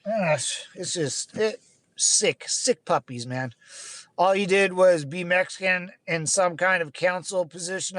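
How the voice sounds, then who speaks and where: Young man, casual rant, high-pitched, rambling, swearing, dry sound. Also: animated, unhurried, a bit bright, dry recording. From California. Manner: rambling, swearing, frequent fillers and restarts. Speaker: channel host.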